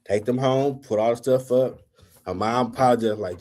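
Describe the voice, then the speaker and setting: This man hosts a talk show and spins a story in relaxed conversation, speaking in a mid-range voice at a moderate pace. Animated throughout, he performs the dialogue he quotes and curses without restraint.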